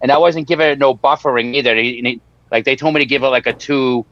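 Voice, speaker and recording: A man chatting casually and profanely, rambling through a story and putting on quick mock voices. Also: mid-range voice, steady tone, no echo. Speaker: guest on a home-grow talk stream. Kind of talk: casual chat. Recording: dull, dry lo-fi audio.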